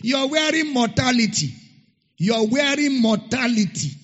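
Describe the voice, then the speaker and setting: A pastor preaching a sermon, emphatic and repetitive, sometimes singing words. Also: male voice, very high-pitched, animated, normal speed, a bit bright, slightly rough. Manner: emphatic, repeats key phrases, sings some words. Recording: dull lo-fi recording in a reverberant hall.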